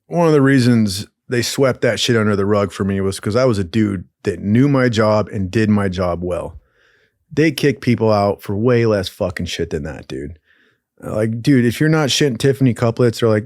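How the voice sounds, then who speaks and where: A man's voice: on the low side, lively intonation, moderate pace, a little mellow, no echo, studio quality. A man telling a rambling, profane story in casual talk, laughing often along the way. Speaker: storyteller host.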